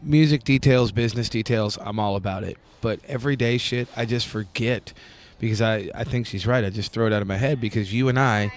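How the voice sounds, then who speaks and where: A man with a fairly low voice hosts a relaxed podcast chat. He talks bluntly, swears often and pokes fun at himself. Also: fairly quick, hardly any pauses. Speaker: podcast host, drummer.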